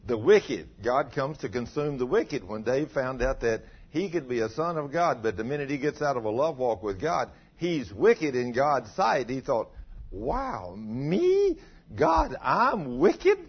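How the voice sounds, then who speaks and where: A man's voice: lively intonation, moderate pace, hardly any pauses, husky. A man preaching a sermon in a folksy way, asking the listeners rhetorical questions and telling stories. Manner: folksy, rhetorical tag questions, dramatic pitch swings. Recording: dull lo-fi recording.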